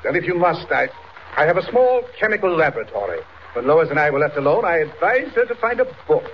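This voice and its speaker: A pompous fussy old chemist. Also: male voice, fairly high pitch, big pitch swings, quick pace. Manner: pompous, indignant. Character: fussy older male chemist suspect. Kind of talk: 1940s radio acting. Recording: dull noisy 1940s radio recording.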